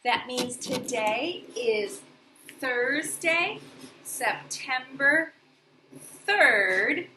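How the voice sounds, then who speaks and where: In a classroom, an elementary school teacher patiently leads a morning meeting lesson for young children, asking questions and offering praise. Her high-pitched voice is bright, expressive, and forceful, and she speaks unhurriedly. The mic is distant, and the room echoes, with a little hiss or hum.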